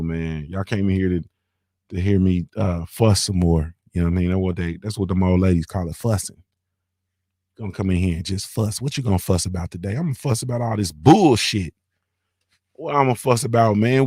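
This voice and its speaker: Guy with a lowish voice riffing on his stream, dry close mic, loose and repetitive. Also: a little fast, darkish tone, dry recording. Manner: loose, repetitive, slangy rant with "you feel me". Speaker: morning show host. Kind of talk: casual streaming commentary.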